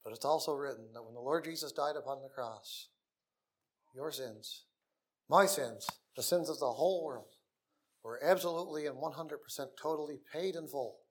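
A man's voice: on the high side, moderate pace. A man preaching a gospel sermon in an earnest way, repeating key phrases and dropping to a near whisper on the most solemn lines.

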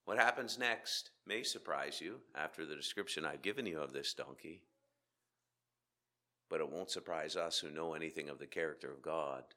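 A man preaching a sermon with rhetorical questions and dramatic pauses, swinging between loud emphasis and hushed asides. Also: extremely low pitch. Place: church.

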